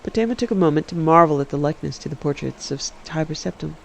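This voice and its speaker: A man casually reading a story aloud, relaxed and correcting his own slips. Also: fairly high pitch, quick pace, vocal fry, slight background noise. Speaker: game streamer reading an in-game book. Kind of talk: casual read-aloud narration.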